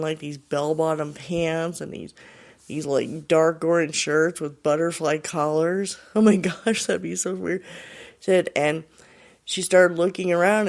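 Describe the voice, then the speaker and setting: A man with a somewhat high, gravelly voice hosts a show, casually retelling a listener's eerie experience. He rambles and searches for words, leaning on fillers as he goes. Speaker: podcast host. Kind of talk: casual storytelling of paranormal accounts.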